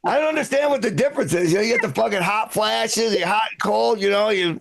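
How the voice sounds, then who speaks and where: A man's voice: sits high, fast talker, gravelly, noisy background. A man doing stand-up and emceeing a comedy show, crude and swearing casually.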